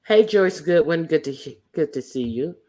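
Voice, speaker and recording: A woman's voice: sits low, expressive, moderate pace, mellow. A woman hosting a casual livestream, swearing freely and speaking bluntly. She trips over fillers and restarts as she rants. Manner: hesitant, lots of fillers and restarts; sassy, blunt, profane. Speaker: livestream host.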